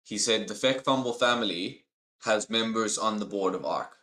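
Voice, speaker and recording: A man's voice: fairly low pitch, normal speed, bright, forceful tone. A man running a tabletop game, explaining things wryly in long run-on sentences. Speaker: game master. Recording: roomy echo.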